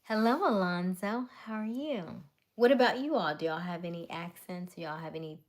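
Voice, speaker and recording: A woman's voice: fairly low pitch, a little fast. A woman hosting a casual livestream, chatting with viewers and answering their comments, often laughing. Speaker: livestream host. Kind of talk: casual live chat with viewers.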